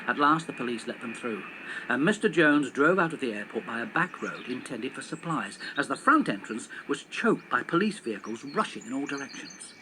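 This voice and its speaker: Animated, bright storybook reader, a man. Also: medium pitch, normal speed, a little hiss or hum, rough recording. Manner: animated, expressive reading. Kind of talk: children's storybook reading on television.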